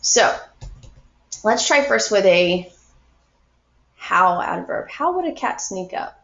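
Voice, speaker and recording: A woman's voice: mid-range voice, sing-song, a bit bright. Woman teacher walking kids thru grammar, patient n encouraging, kinda dull roomy recording. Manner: patient, encouraging, slow and clear explaining. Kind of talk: recorded grammar lesson for young students.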